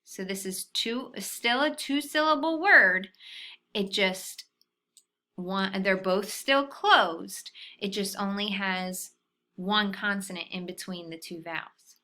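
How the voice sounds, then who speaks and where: Woman, phonics teacher for little kids, unhurried, bright clear tone. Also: medium pitch. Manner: slow, patient, sounding out syllables. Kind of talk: phonics lesson for young children.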